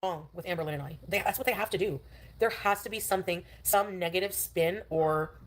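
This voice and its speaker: Fast-talking woman rambling on a stream. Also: mid-range voice, a bit bright, breathy edge. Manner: rambling, defensive, full of fillers. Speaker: livestreamer. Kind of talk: casual livestream chat.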